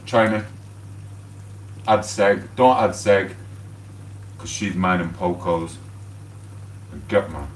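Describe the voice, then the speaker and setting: Deep-voiced English man chatting while cooking. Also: fairly bright tone. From England. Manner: rambling, swears casually. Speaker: livestreamer. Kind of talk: casual live-stream chat while cooking. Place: home kitchen. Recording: echoey room, mic at a distance, faint hum.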